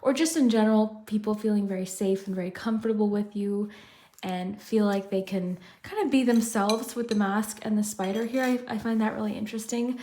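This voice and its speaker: A woman's voice: medium pitch, a little fast, warm tone. A woman doing a pick-a-card tarot reading, chatty and reflective, often saying "I feel like". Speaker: tarot reader.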